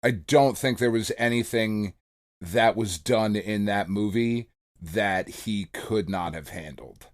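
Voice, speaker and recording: A man's voice: fairly low pitch, slow pace. A middle-aged man co-hosting a podcast, chatting casually and swearing freely. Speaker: podcast co-host. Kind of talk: casual chat.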